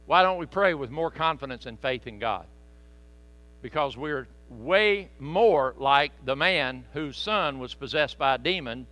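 A man preaching a sermon, folksy and animated, with joking asides to the congregation. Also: medium pitch, normal speed. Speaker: pastor.

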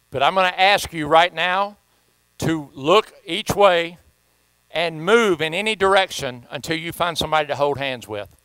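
A man's voice: fairly high pitch, normal speed, bright, forceful tone, clean tone, no room sound. A man preaching a sermon in church, telling folksy stories and reading scripture with emphasis. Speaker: pastor. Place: church sanctuary.

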